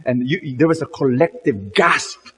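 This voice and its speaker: A man's voice: mid-range voice, expressive, unhurried, fairly bright tone, husky, long reverb tail, rough recording. A man telling a story in a sermon, dramatic, with many repeated words and "you know"s.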